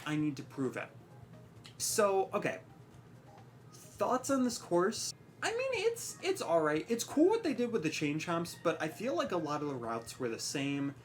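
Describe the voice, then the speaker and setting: A young woman giving casual, rambling let's-play commentary over a racing game, joking about herself and yelping at the action. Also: lowish voice. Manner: chatty, rambling, self-mocking, yelps at the game. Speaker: gaming commentator.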